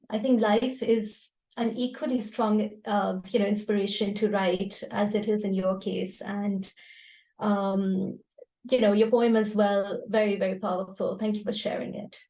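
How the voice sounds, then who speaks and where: Mellow woman hosting on an echoey call. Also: mid-range voice. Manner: hesitant, filler-heavy, appreciative. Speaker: event host. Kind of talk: hosting an online poetry evening. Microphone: video call.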